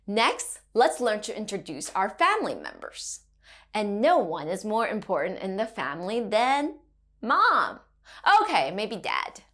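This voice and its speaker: Animated, slow-speaking woman teaching kids. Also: mid-range voice. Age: adult parent. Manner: cheerful, slow and clearly enunciated, teacherly. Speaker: Mandarin teacher. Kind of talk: children's language lesson.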